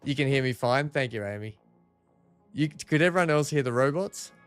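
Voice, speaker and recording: A man's voice: mid-range voice, lively intonation, moderate pace, clean tone, soft background music. Chatty Australian man gaming with friends. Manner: chatty, asks lots of questions, laughs easily. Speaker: streamer host. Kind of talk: casual multiplayer gaming chat.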